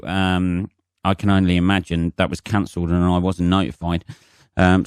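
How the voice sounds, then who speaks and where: A low-pitched man hosts a solo podcast and chats loosely, peppering his talk with swearing and filler ums. His voice is smooth and resonant. The recording is dry and close, with no room echo. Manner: rambling, sweary, self-mocking, with frequent ums. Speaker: podcast host. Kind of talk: solo casual monologue.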